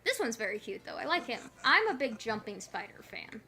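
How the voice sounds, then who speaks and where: A woman streamer talks her way through a puzzle game in a loose, rambling, playful way. Her voice is bright and sits a bit high. Soft music plays quietly behind her. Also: big pitch swings, fairly quick. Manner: chatty, rambling, playful asides. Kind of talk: casual gameplay commentary.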